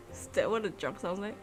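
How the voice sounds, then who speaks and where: Playful woman streamer commentating a game live, relaxed pace, soft game music underneath. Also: fairly high pitch. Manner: giggly, playful, chatty.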